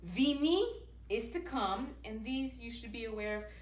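A woman's voice: fairly high pitch, expressive, unhurried. A woman teaching a language lesson, explaining patiently step by step. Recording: echoey room.

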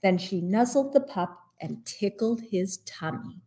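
A woman librarian reading a children's picture book aloud at story time, in an expressive read-aloud manner. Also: medium pitch, unhurried.

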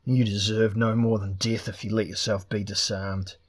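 A man's voice: on the low side, level tone, normal speed, natural voice. A man voicing a gaunt, cruel barbarian warlord who talks with harsh contempt. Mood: contemptuous.

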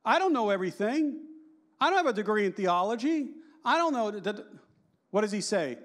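A man in his fifties giving a lively, joking conference talk and quizzing the audience. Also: high voice, a little fast. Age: 50s. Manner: animated and joking, asks the audience questions. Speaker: conference speaker.

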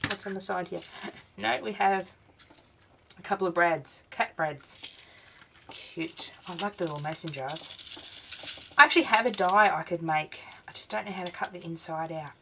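A woman's voice: fairly low pitch, normal speed, vocal fry, long pauses, bright, forceful tone, slight background noise. A woman, tired and yawning, chatting through a craft unboxing vlog and exclaiming over each little item. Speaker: craft vlogger.

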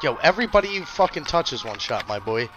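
A man's voice: mid-range voice, very animated, quick pace, dull audio, a crowd in the background. A young man streaming a game with friends, joking and swearing as he teases his squad over a headset. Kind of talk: casual gaming chat.

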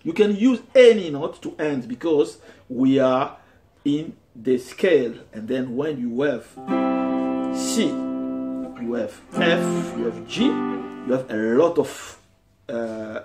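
Male guitar teacher, middle pitch, step-by-step, chatty with fillers; faint guitar behind. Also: slow pace. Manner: explains step by step, switching between English and French, with many fillers. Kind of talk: bilingual guitar lesson. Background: guitar playing.

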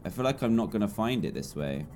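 A gaming YouTuber from England, a man in his twenties, commentates his own gameplay in a chatty, jumpy way, swinging between low mutters and loud yelps. He talks fast with big pitch swings, and faint music plays behind him.

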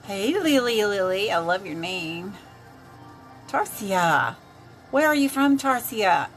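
A woman's voice: medium pitch, lively intonation, slow, soft background music. An older woman chatting casually on a makeup live stream, greeting viewers by name as she works.

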